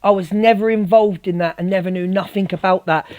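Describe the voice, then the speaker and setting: A man's voice: high voice, steady tone, fairly quick, darkish tone. A man hosting a livestream, ranting confrontationally at a viewer and repeatedly calling her darling. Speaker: livestream host. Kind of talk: heated livestream rant.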